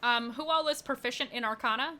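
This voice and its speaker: A woman's voice: fairly high pitch, a little fast, sharp tone. A woman narrating as game master, slipping into townsfolk voices now and then.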